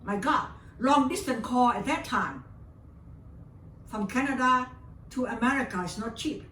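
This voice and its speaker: With a fairly high, fairly bright voice, an older woman from Vietnam speaks animatedly but a little slowly. She is an interview guest telling a personal story with feeling in accented English, her second language, repeating words often. The recording is roomy and distant, with a faint background hiss.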